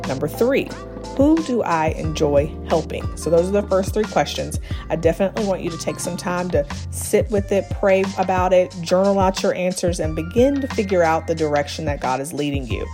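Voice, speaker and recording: Encouraging woman over loud music. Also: on the low side, animated, moderate pace. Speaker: podcast host. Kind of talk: scripted promo segment.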